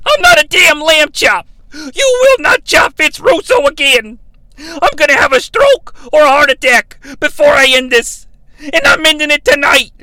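A blustering New York wrestling promoter, as a man puts him on, rants and hollers in a high, bright voice. Every line is self-pitying bravado. The recording is dry and close. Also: wildly swooping pitch, a little slow, no room sound, full character voice, low-quality recording. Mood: ranting.

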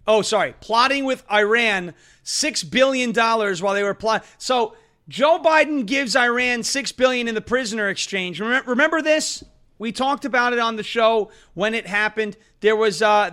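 Male host, loud ranting delivery, high bright voice, fast talker. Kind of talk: political commentary show.

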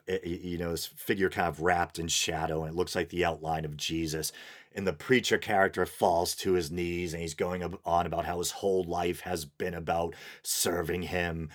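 A man's voice: sits low, fairly bright tone. A man hosting his own podcast, rambling casually with fillers and chuckles. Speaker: podcast host. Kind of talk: casual solo podcast monologue.

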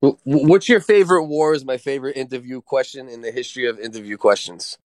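A man's voice: medium pitch, fast, a little mellow, no echo. Laid-back, agreeable male co-host. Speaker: podcast co-host. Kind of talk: casual podcast banter.

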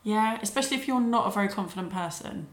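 A woman's voice: mid-range voice, quick pace. Chatty woman, echoey room. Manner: chatty, playful, acts out quotes. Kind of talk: casual film discussion chat.

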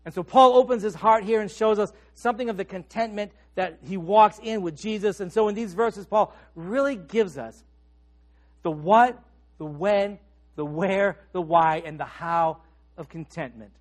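A middle-aged male pastor delivers a sermon in a notably high voice. He lets his phrase endings drop quiet and low. His questions rise and carry more push. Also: normal speed. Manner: trails off soft and low at phrase ends, rises on questions.

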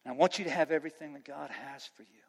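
A man preaching a sermon to students as their pastor, impassioned, swinging between loud preaching and quiet earnest talk. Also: fairly high pitch, quick pace, vocal fry, in a large hall. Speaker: youth pastor.

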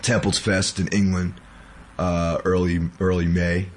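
Still ill and weak-sounding, this podcast host speaks in a low, unhurried voice with little rise or fall. His chat is casual and wandering, heavy on filler words.

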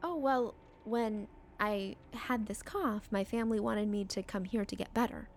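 A gentle elderly hospital patient, voiced by a woman running a tabletop game. She speaks softly and politely, with little theatrics. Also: mid-range voice, a little slow, slight background noise, lightly acted. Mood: mild.

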